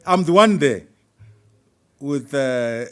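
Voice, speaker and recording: Animated man speaking at a book launch. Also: mid-range voice, slow. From Zimbabwe. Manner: animated, chuckling asides to the audience. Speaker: author presenting his book. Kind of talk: lively speech at a book launch. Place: university hall at a launch event.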